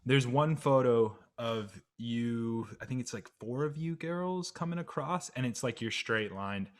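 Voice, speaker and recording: A man's voice: mid-range voice, unhurried. A man hosting a casual interview, laid-back, laughing often and repeating his words. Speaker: podcast host.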